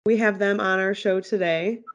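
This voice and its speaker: A woman's voice: mid-range voice, fairly even intonation, moderate pace. A young woman with a Midwestern accent co-hosting a podcast in casual chat, blunt and swearing freely. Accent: Midwestern American. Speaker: podcast co-host.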